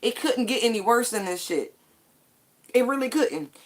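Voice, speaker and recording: A woman's voice: fairly high pitch, expressive, moderate pace. A woman giving a casual spiritual tarot reading, chatty and emphatic, with casual swearing. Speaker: tarot card reader.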